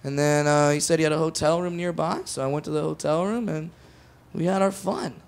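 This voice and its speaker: A man's voice: a little high, a little fast, vocal fry. A man voicing a brash, unashamed young waitress who talks bluntly and plainly in a stand-up story. The recording is noisy. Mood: hushed. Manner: blunt and matter-of-fact.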